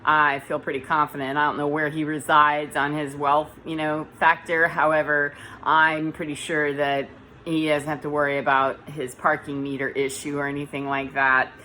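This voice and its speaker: A woman's voice: low voice, little pitch movement, normal speed, bright, forceful tone, slight background noise, poor audio. A woman talking casually to camera in a dim room, rambling and correcting herself as she goes. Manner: rambling, self-correcting, chatty. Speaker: vlogger.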